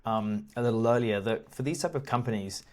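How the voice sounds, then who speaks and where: A man walking through stock reports on screen as an investing educator, in a casual, halting way, often repeating words and chuckling now and then. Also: mid-range voice. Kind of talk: screen-share walkthrough.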